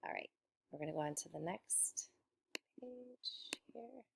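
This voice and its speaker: Low, creaky woman teacher explaining. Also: lively intonation, a little slow, slight background noise. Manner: casual, pointing things out with fillers. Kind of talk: classroom explanation.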